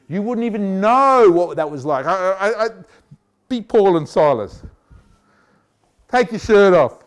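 A man preaching with a bright, high-set voice that stays clean and clear. He delivers the sermon in an animated, playful way, teasing his listeners and acting out little scenes. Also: a little slow, long pauses. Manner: animated, jokey, acts out voices. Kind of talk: lively sermon.

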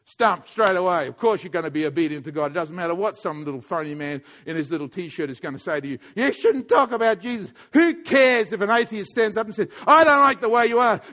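A man preaching a sermon, swinging between quiet intimate passages and loud emphatic urging, often repeating his points. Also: high voice, brisk, few pauses. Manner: wide swings from hushed to loud, emphatic repetition.

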